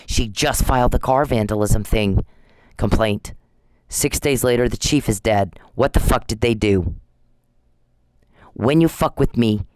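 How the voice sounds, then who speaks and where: A man's voice: medium pitch, expressive, moderate pace, dry recording, rough recording. A man delivering an angry, profane rant straight at the person he is confronting, repeating the same warnings again and again. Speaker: vlogger addressing a harasser. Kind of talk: angry direct-address rant.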